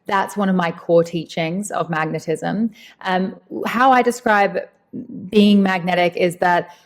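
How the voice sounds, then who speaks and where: A woman speaking as a guest in a conversational interview, animated and emphatic, stretching out key words as she explains her ideas. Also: lowish voice, measured pace. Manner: animated, acts out quoted dialogue. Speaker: podcast guest, meditation teacher and author.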